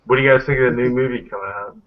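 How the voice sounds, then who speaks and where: A man's voice: medium pitch, steady tone, rapid-fire. A man hosting a casual group video chat, rambling and blunt, swearing freely. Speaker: hangout host. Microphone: video call. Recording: tinny phone-like audio.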